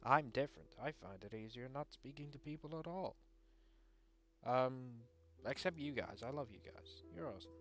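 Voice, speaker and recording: A man's voice: medium pitch, lively intonation, normal speed, a bit bright. A man playing and reading aloud a visual novel, joking and teasing, swearing freely between narrated lines. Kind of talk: casual gaming commentary with narration.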